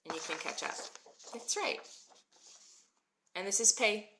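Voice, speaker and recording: Speaking at a measured pace with medium pitch and an animated delivery, a woman in her thirties teaches Hebrew reading live. The recording is very noisy. She moved to Israel as an adult and reads out viewers' comments, answering each by name.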